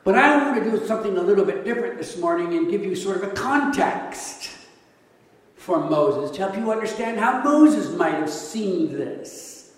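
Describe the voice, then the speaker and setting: Higher-voiced pastor in an echoey hall. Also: male voice, animated, moderate pace. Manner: conversational, asks rhetorical questions. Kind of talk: sermon. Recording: echoey hall, mic at a distance.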